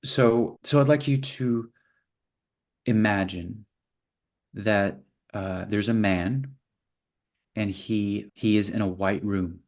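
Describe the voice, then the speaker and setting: A man, interview guest, telling parables in a relaxed conversation and acting out little voices for the characters. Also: on the low side, takes it slowly, pauses often. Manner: playful, acts out little voices in his parables. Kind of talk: storytelling in conversation.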